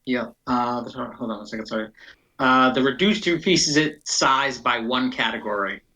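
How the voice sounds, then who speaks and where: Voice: medium pitch, normal speed, sharp tone, rough recording. A player in a tabletop role-playing game, chatting casually, checking rules and apologizing for slips.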